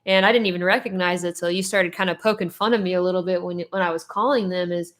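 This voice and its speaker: A woman's voice: on the low side, fairly even intonation, fast talker. A woman from Texas, a dentist co-hosting a casual podcast, chatting playfully and changing her pace to make a point.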